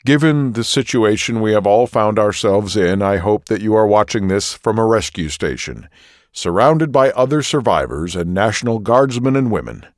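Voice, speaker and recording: A man's voice: fairly low pitch, lively intonation, dry recording, studio quality, natural voice. A man playing a solemn TV news anchor. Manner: measured, formal broadcast delivery. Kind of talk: audio drama acting.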